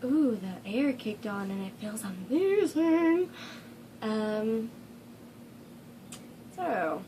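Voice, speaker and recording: A woman's voice: a little high, animated, drawn-out words, warm tone, a little hiss or hum. A teenage girl hosting a casual fandom Q&A vlog from home, gushing with dramatic asides. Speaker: fandom channel host. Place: home room.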